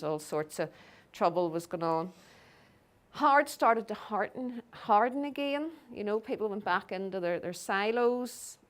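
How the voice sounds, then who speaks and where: A middle-aged woman with a Belfast accent, giving a lecture with slides and telling stories that act out the people she quotes. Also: lowish voice. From Northern Ireland. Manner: storytelling, acts out quoted people.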